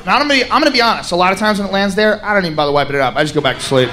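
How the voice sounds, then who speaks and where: High-voiced crude stand-up comic. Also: male voice, rapid-fire, few pauses, noisy background. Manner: crude, profane, animated storytelling. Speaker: stand-up comedian. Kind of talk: stand-up comedy set. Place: comedy stage before an audience. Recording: live stage with crowd laughter.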